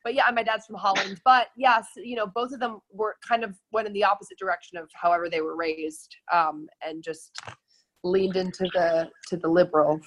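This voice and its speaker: Female guest, middle-pitched voice, animated storyteller with easy laughter. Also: moderate pace, poor audio. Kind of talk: casual chat.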